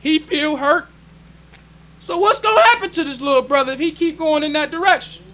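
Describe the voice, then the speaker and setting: High-voiced emphatic male preacher. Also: fairly quick, bright, forceful tone. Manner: emphatic preaching with repeated phrases; plainspoken, conversational delivery. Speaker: minister. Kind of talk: sermon.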